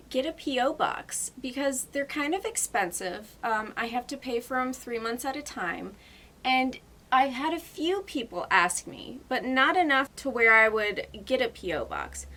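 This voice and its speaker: Young woman beauty vlogger, gushing and excitable, slightly high voice. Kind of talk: casual chat to camera.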